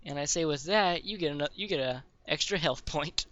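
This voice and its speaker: High-voiced man running a tabletop game. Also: fairly quick, sharp tone, slight background noise. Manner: rambling, profane, many fillers. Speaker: game master. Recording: dull dry lo-fi recording.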